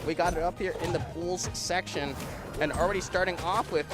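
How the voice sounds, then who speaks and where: A man's voice: sits high, fairly even intonation, fairly quick, over music. A man co-commentating a live esports tournament, joking and playful with slangy banter.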